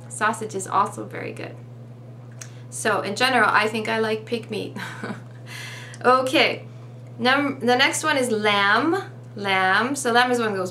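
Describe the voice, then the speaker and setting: A woman teaching vocabulary at a very slow, deliberate pace, repeating each word and asking "okay?" as she goes. Her voice is bright and slightly high. A faint hum runs underneath. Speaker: ESL teacher.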